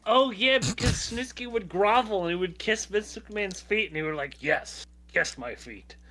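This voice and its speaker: A man's voice: high voice, sharp tone. A man co-hosting a podcast who mostly chimes in with dry one-liners and groans. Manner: slow, dry interjections and groans. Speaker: podcast co-host. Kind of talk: casual chat.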